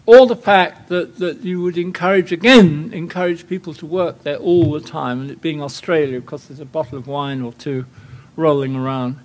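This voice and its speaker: Older English guest lecturer, dry wit, digressive anecdotes, slightly high pitch. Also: male voice, normal speed, hardly any pauses. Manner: wry, anecdotal, rambling asides. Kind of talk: lecture with slides.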